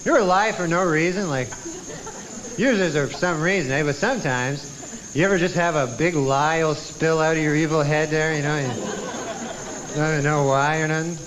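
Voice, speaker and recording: A male comedian telling stand-up bits and mock news jokes in a deadpan, drawling way with wry asides. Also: fairly high pitch, normal speed, a crowd in the background. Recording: old TV audio with audience laughter and hiss.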